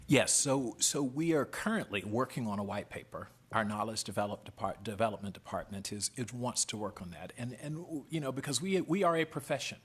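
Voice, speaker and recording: A man's voice: medium pitch, lively intonation, a little fast, few pauses, a bit bright, slightly rough. A middle-aged man heading a professional association, giving earnest, emphatic testimony at a legislative hearing in short punchy statements.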